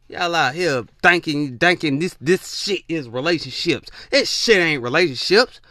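A man's voice: measured pace, no room sound, studio quality. A man giving relationship advice in a blunt, profane, preachy rant. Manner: blunt, profane, preachy, lively swings in pitch. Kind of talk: ranting monologue.

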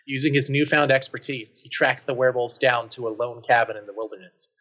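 A man's voice: medium pitch, fairly even intonation, fairly quick, a bit bright, low-quality recording. A man narrating a choose-your-own-adventure tabletop story he wrote. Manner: dramatic storytelling. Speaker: narrator and writer.

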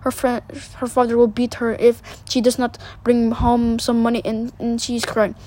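A woman reading the lines of a gentle, pleading male statue prince in a fairy tale, earnestly and with some stumbles. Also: fairly high pitch, little pitch movement, normal speed, natural voice.

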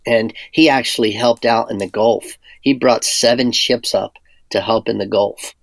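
Animated male storyteller, dry sound. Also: medium pitch, normal speed, creaky, no room sound. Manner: animated storyteller who acts out quoted dialogue. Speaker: guest, sorbent product entrepreneur. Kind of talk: casual storytelling interview.

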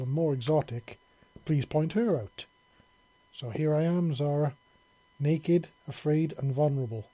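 Man voicing an earnest human lover, heartfelt, mellow, husky. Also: fairly high pitch, dry recording, natural voice.

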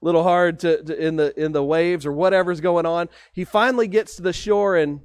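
Pastor, light high voice, storytelling sermon, dry recording. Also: male voice, steady tone, a little fast, dry recording. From Texas. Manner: conversational storytelling preaching.

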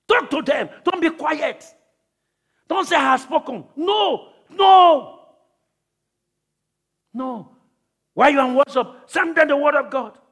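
A man preaching as pastor at a church service, calling out to the congregation with repeated phrases, then shouting prayers. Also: very high voice. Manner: repetitive, calls out to the congregation. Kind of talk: sermon and prayer.

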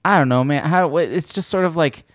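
Male co-host, mid-pitched, fast, relaxed chatter, dry close sound. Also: dry recording. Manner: fast-talking, restarts often, relaxed. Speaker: podcast co-host. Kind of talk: casual movie discussion.

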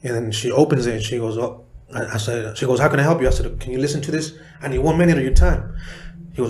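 A middle-aged man from San Diego, a rapper guest telling a story in a profane, animated way, acting out the people he quotes. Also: mid-range voice, quick pace, a little hiss or hum. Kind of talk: casual storytelling interview.

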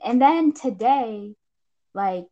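Rambling young woman gossiping, lo-fi. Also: fairly high pitch. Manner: rambling, animated, quick shifts into shrieking impressions. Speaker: podcast co-host. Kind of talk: casual gossip chat. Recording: dull lo-fi sound.

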